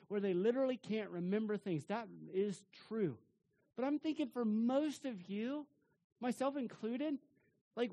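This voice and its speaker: A pastor preaching a sermon, emphatic and conversational, building phrases through repetition and slowing down to stress key words. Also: mid-range voice, dark tone. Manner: conversational asides.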